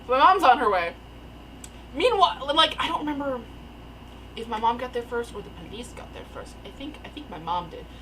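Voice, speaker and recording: A young woman telling a rambling, animated story in casual storytime style from her attic room. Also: fairly high pitch, a little fast, noisy background. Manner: rambling, animated, filler-heavy. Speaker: storyteller vlogger. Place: attic bedroom. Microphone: camera mic.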